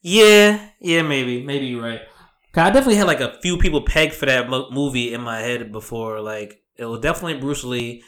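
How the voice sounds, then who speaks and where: A man's voice: medium pitch, a little fast, a bit bright. Profane laid-back young man chatting. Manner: loose, profane, laughing banter. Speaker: podcast co-host. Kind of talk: casual chat.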